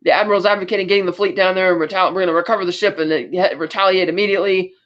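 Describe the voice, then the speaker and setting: High-voiced man recapping a film. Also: fairly even intonation, dull audio. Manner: retells scenes acting out quotes in quick asides. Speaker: podcast co-host.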